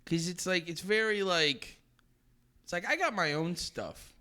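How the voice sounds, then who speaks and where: A young man with a bright, fairly high voice trades crude jokes in a loose podcast conversation. He talks in an animated way, swears freely and breaks into laughter often. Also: unhurried. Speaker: podcast co-host. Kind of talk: casual comedic chat.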